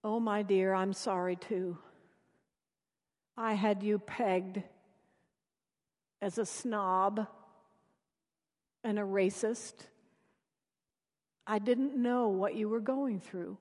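A woman preacher voicing a kind-hearted woman speaking softly and consolingly. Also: mid-range voice, steady tone, extremely slow, long pauses, in a large hall, voice pushed down. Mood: tender. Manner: soft, tender, consoling. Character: kind, gentle woman, soft-spoken and consoling.

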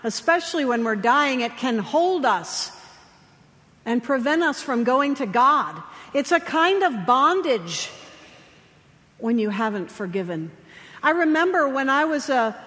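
Softly preaching woman in reverberant hall. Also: high voice, sing-song. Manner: gentle storytelling with slow emphatic pauses. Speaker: chaplain. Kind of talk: sermon.

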